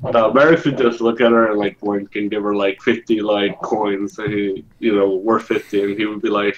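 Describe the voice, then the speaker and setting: A man playing a tabletop game, relaxed and hesitant. His low voice comes through a dull, lo-fi microphone. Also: normal speed. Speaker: player. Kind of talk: tabletop role-play. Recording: dull lo-fi mic.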